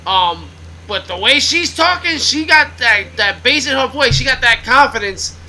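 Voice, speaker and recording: A man's voice: very high-pitched, lively intonation, moderate pace, sharp tone, slight background noise, rough recording. A man co-hosting a casual discussion, giving loose slangy commentary.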